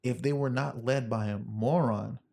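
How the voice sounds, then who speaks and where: A young man with a mid-pitched voice talks casually, explaining things in a loose, offhand way. He drops the odd swear word and keeps a conversational pace. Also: normal speed, gravelly, darkish tone. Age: young adult. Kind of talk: casual chat.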